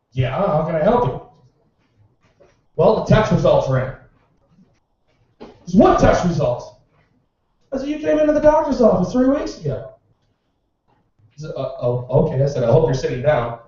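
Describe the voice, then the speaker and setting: A man with a high voice tells sarcastic bartending stories in a stand-up set, swearing freely. He sounds distant from the mic in a very echoey bar room. The recording is dull. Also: mellow. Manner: sarcastic storytelling with profanity. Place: small bar at an open-mic comedy night.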